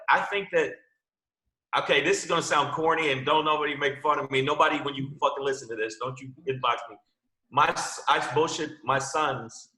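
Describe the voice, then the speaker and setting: A man's voice: mid-range voice, pushed and bright. A man hosting a podcast, joking and mocking himself in casual chat. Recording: echoey room.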